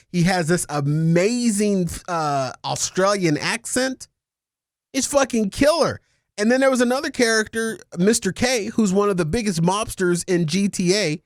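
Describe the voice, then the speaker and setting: A man's voice: high-pitched, no echo, studio quality. A man co-hosting a casual podcast, ranting emphatically and swearing often. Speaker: podcast co-host.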